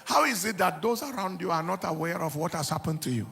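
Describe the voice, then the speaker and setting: Fast and expressive, a middle-aged pastor delivers his sermon in a high-pitched, gravelly voice that sounds pushed and bright. He leans on emphatic repetition of words and phrases and laughs through personal anecdotes.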